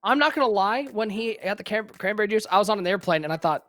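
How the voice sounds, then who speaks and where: A co-host chatting casually on a live stream, rambling and animated, swinging between excited outbursts and quiet asides. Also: mid-range voice, fast, dry recording.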